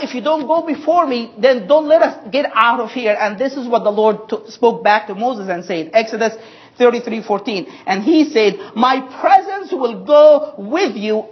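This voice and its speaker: A woman from Egypt, preaching a sermon with emphatic stress and slow, weighted quotations. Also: a little high, muffled recording. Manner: emphatic, slows and stresses quoted scripture.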